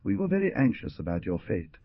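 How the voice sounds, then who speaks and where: A man's voice: low voice, huge pitch swings, brisk, dry recording, dull audio, exaggerated voice. A man voicing a fatherly Canadian hunter, earnest and hearty, in a storybook reading.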